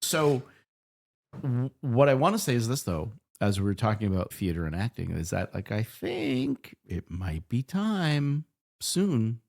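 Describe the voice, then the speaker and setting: Middle-aged man, teasing podcast co-host, pitch swings a lot. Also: wildly swooping pitch, measured pace, gravelly, a little mellow. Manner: playful, teasing. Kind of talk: casual chat.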